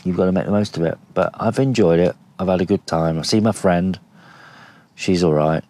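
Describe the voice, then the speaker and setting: A weary man with a very low voice chats to an action camera from inside a tent. He rambles along at an easy pace, filling gaps with ums and small restarts. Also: fairly quick, warm tone. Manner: rambling, easygoing, many fillers. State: tired. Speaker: camping vlogger. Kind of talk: casual vlog chat to camera.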